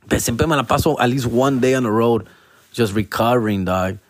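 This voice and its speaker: A young man telling a story in a casual, slangy monologue, now and then breaking into loud exaggerated whines. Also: medium pitch, brisk, dry recording, studio quality.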